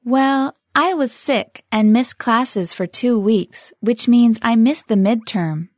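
Polite young student voiced by a woman, rather high voice, dry studio sound. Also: expressive, moderate pace, a little mellow, no echo, close to an everyday voice. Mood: slow, clear. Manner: polite, earnest. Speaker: voice actor in a language lesson dialogue.

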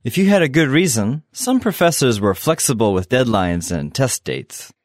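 A man presents an English lesson, explaining a dialogue and prompting each new vocabulary word. His intonation moves in a lively way. The recording is dry and close. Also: medium pitch, moderate pace, no room sound. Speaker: language lesson host.

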